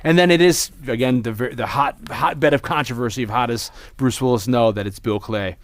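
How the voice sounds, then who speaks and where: A man's voice: medium pitch, brisk, no room sound. Rambling man on a dry podcast mic. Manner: rambling, animated, many restarts. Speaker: podcast co-host. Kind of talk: casual movie discussion.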